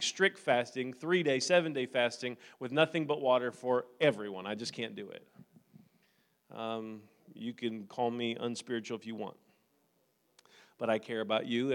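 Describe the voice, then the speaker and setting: A middle-aged male pastor preaching a sermon, conversational at first and then rising into fervent preaching. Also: medium pitch.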